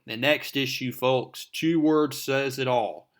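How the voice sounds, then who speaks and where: A man's voice: medium pitch, slow, hardly any pauses. A man narrating a comic book recap with enthusiasm, talking to his viewers as folks.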